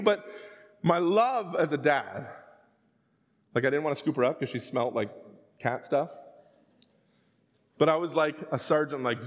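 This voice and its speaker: A man in his thirties preaching a sermon, telling stories and acting out the voices, sometimes rising to a shout. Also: on the high side, expressive, moderate pace. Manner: storytelling, acts out quoted voices, rising to shouts. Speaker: pastor. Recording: long hall reverb.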